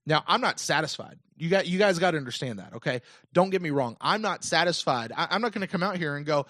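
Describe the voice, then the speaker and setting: An American man in his thirties rants to his listeners on a call-in sports podcast, circling back on his points with emphatic repetition. His voice sits a little high. The sound is dry and close to the mic. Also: fast, dry recording. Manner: animated, repetitive, emphatic rant. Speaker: podcast host.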